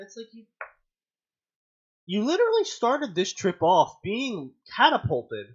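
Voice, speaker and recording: A man hosting a fanfiction reading show, reading aloud with mocking commentary and acting out quoted lines in loud, high outbursts. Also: wildly swooping pitch, measured pace, muffled recording.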